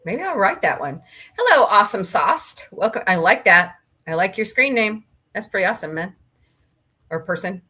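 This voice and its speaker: Goofy lady chatting on her stream, laughs a lot, reads the chat out loud. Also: medium pitch, sing-song, normal speed, breathy edge. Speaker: livestream host. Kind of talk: casual chat reading live comments. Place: home, cats nearby.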